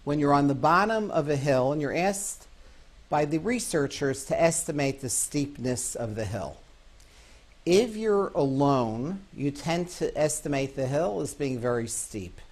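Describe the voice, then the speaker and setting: A man's voice: a little high, animated. Man giving an earnest talk on grief. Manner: storytelling, with emphatic rises on key phrases; pauses and restarts words mid-sentence. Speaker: psychologist lecturer. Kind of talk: recorded talk on grief and comfort.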